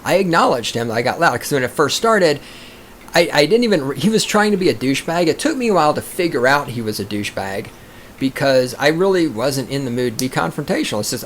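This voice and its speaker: A man hosting a podcast, delivering a profane, combative rant that swings into loud outbursts. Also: medium pitch, animated, brisk, a little hiss or hum. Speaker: podcast host. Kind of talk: profane ranting monologue.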